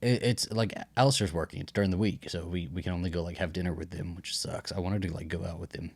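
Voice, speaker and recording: Podcast co-host, man, laid-back and hedging, lowish voice, dry close sound. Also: quick pace, breathy edge, dry recording. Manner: relaxed, hedging with fillers. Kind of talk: casual chat.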